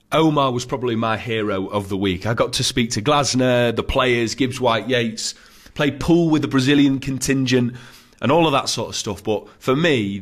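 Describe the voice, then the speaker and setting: A male presenter narrating his vlog and interviewing, upbeat and enthusiastic. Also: medium pitch.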